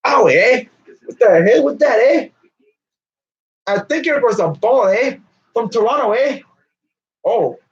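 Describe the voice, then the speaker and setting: A man's voice: very high voice, animated, measured pace, pauses often, dull audio, voice pushed up. A man voicing a mock Canadian man who has just been hit by a home run ball, ending every phrase with an exaggerated "eh". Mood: indignant.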